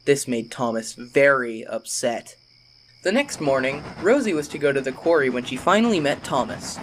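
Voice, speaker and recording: A narrator telling a children's train story in an expressive, sing-song way. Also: mid-range voice, moderate pace, noisy background.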